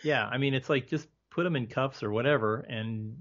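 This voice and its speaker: A man's voice: mid-range voice, normal speed, fairly bright tone. A man talking as a podcast guest, chatty and hesitant, with lots of "um" and restarts. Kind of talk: casual movie discussion. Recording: slightly muffled lo-fi recording.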